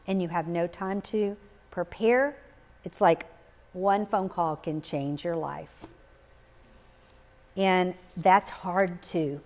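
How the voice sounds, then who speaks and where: A middle-aged woman, giving a gentle, reflective talk on grief, pausing often and repeating key phrases. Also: medium pitch. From Texas. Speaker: speaker on grief. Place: live talk in a community setting.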